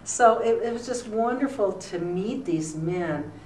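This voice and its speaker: A woman's voice: mid-range voice, expressive, a little slow. Older woman telling long, rambling stories. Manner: rambling, warm anecdotes with many fillers. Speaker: interviewee, retired newspaper columnist. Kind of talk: relaxed storytelling in an interview. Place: school room. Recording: roomy, distant mic with faint noise.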